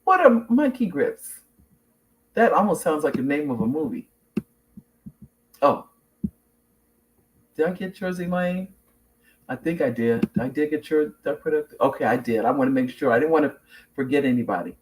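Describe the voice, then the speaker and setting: A woman's voice: sits low, moderate pace, pauses often, slight background noise. A middle-aged woman hosting her own talk show, chatting casually, telling stories with laughs and restarts, and reading out viewer comments. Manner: animated storyteller, laughs often, restarts sentences.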